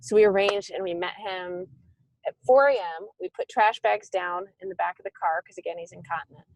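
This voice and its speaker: Middle-aged woman, nonprofit founder, low-pitched, lively storyteller. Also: brisk, no room sound, rough recording. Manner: animated, acts out quoted dialogue. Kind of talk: conversational storytelling.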